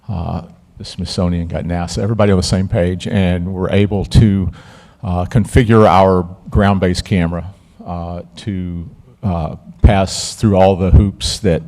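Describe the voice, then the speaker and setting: A man recalling his film camera work on a live panel, talking haltingly with many fillers and restarts. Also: low voice, warm tone. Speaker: panel guest, former camera operator. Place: museum event stage.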